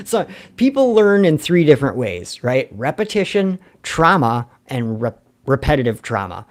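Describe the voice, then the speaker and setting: A man's voice: mid-range voice, big pitch swings, normal speed, darkish tone. A man, hosting a rambling, joking livestream and reading chat comments aloud. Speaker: livestream host.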